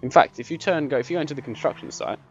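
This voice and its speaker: A young man giving casual gameplay commentary, excitable and bossy when he directs his friend, and laughing often. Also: medium pitch, racing, highs cut off, slight background noise. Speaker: gaming channel host.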